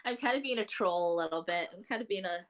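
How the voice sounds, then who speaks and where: A woman co-hosting a casual podcast chat from home, telling stories with lots of laughter and big swings in her voice. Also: quick pace. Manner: animated, laughing storyteller with big pitch swings. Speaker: co-host. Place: home, remote live show during lockdown.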